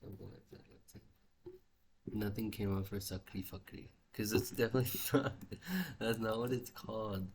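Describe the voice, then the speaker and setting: A man's voice: lowish voice, fairly even intonation, moderate pace, a little mellow. A young man talking in a rambling, musing video journal, swearing casually and often trailing off mid-thought. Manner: restless, trails off and restarts. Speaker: vlogger.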